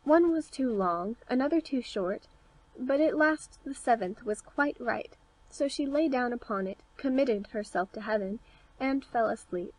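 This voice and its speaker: A woman narrating a classic fairy tale as an audiobook. Her reading is clear and steady, made for easy listening. Her voice sits a little high. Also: unhurried, poor audio. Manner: clear, steady read-aloud delivery. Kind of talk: scripted storybook narration.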